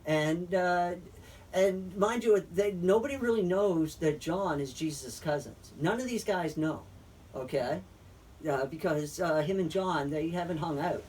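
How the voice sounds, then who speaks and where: A man's voice: a little high, unhurried, darkish tone, slightly rough. A man casually retelling a story in a faith chat, rambling with fillers and swearing. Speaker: friend in a faith discussion. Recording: distant mic.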